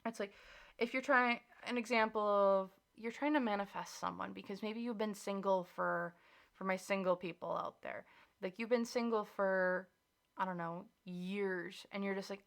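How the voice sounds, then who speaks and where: A woman's voice: medium pitch, steady tone, normal speed, bright, forceful tone, smooth. A woman giving a chatty, reassuring tarot reading, full of "like" and earnest encouragement. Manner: chatty, emphatic, reassuring, many filler likes. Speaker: tarot reader. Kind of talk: casual spoken tarot reading.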